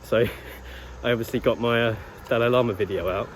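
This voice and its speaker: A man's voice: mid-range voice, fairly even intonation, brisk, slight background noise. Laid-back young man rambling a story. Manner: rambling and laid-back, many fillers and restarts. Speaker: travel vlogger. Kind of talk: casual storytelling vlog.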